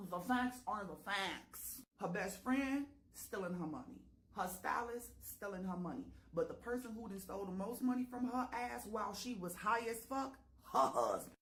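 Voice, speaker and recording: A woman vlogger delivering an exasperated, profane, dramatic rant to camera from her home kitchen. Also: a little high.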